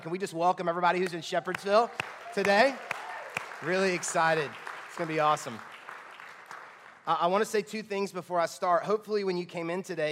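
A hoarse male pastor, bubbling over with excited, chatty energy as he preaches. His slightly high voice rings out in a church hall with a long echo. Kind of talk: sermon. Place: church auditorium.

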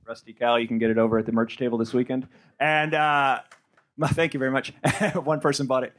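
A man's voice: mid-range voice, level tone, brisk, a bit bright. An American man hosting a live comedy podcast on stage, telling a rambling story full of restarts. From United States. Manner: rambling, self-interrupting anecdotes. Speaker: podcast host.

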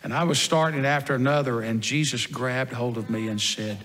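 A man playing the apostle Peter as a first-person dramatic monologue, telling the story earnestly and dramatically, moving between loud and hushed passages. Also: mid-range voice, fairly even intonation, moderate pace, natural voice. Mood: hushed, grave. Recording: long hall reverb.

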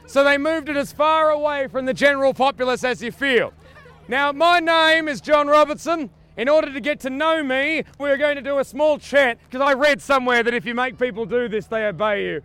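High-voiced Australian man doing grandiose tour-guide patter. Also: moderate pace, fairly bright tone. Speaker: comedian leading a mock street tour. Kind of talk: improvised street comedy. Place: busy city street outdoors.

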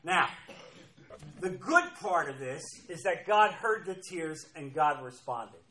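High-voiced emphatic male preacher. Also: lively intonation, slow pace, pushed and bright, low-quality recording. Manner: emphatic, repeats key phrases, reads scripture aloud. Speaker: pastor. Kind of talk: sermon.

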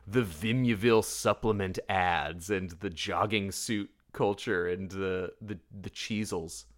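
A man co-hosting a casual movie podcast, joking and riffing in an animated way. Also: sits low, a little slow. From United States. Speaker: podcast co-host.

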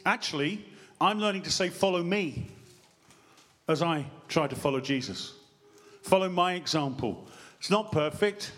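Pastor preaching, lively and joking. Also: male voice, a little high, normal speed. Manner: lively, joking, quizzes the congregation. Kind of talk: sermon. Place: church. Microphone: handheld microphone.

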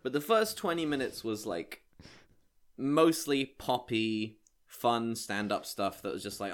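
A man co-hosts a podcast in loose, casual conversation. He rambles and makes wry asides, sometimes swearing. His pitch moves around a lot as he talks. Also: animated, unhurried. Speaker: podcast co-host. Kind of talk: casual chat.

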